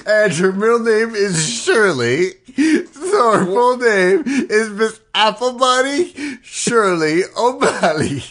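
A man's voice: high-pitched, animated, takes it slowly, hardly any pauses, fairly bright tone. A man improvising on a comedy podcast, giggling and meandering as he talks. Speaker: podcast co-host.

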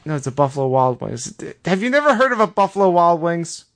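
A man hosting a comedy podcast, talking in an exasperated, mock-outraged, animated way. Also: fairly high pitch, quick pace. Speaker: podcast host.

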